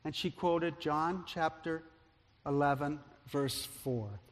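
Speaking slowly in a rather high voice, a male pastor preaches through storytelling, his volume swelling at dramatic points and quieting at tender ones. The sound echoes with the lengthy reverb of a big church sanctuary.

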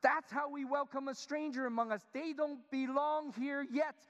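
A male pastor giving a humorous, animated sermon, speaking directly to his congregation. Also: extremely high pitch, moderate pace. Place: church sanctuary. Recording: long reverb of a large church hall.

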